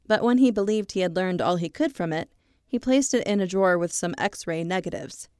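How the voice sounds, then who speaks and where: A woman's voice: lowish voice, fairly quick, clean tone, no room sound, clean studio sound. Woman co-host reading a true story. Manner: steady storytelling read, chatty asides. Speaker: podcast co-host. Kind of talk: reading a true story aloud in a casual podcast.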